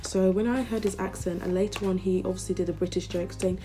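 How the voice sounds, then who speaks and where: A woman vlogger chatting casually and gushing like an excited fan. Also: mid-range voice, quick pace, music in the background. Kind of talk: casual chat.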